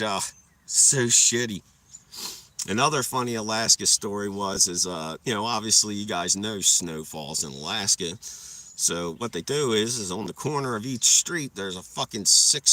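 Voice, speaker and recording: A man's voice: lowish voice, unhurried, bright, forceful tone, no room sound. A young man livestreaming, telling rambling stories full of swearing and laughing at them as he goes. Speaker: livestreamer chatting with viewers. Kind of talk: casual storytelling.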